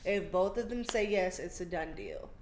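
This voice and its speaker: A woman's voice: lowish voice, huge pitch swings, normal speed. A woman with a mid-range voice lays out vote counts in a matter-of-fact way. The recording carries a roomy echo and a faint hiss underneath. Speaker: podcast guest. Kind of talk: casual political chat. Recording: echoey room with faint noise.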